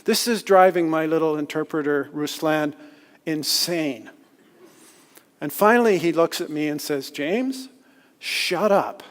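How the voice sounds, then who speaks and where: Guy telling travel stories, a bit high-pitched, lots of hall reverb. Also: unhurried, clear, resonant tone. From Canada. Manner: lively, self-deprecating storyteller. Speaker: conference speaker. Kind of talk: storytelling talk. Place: lecture hall.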